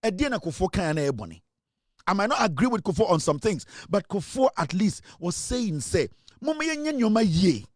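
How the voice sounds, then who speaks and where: A man's voice: sits high, very animated, a little fast, no room sound, studio quality. A man with a Ghanaian accent giving impassioned political commentary, switching between Twi and English and rising to exclamations.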